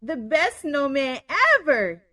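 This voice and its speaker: Brief: eager young bear cub, higher pitch, read by a woman. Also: slow pace, dry recording, studio quality, full character voice. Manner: excited, cries out.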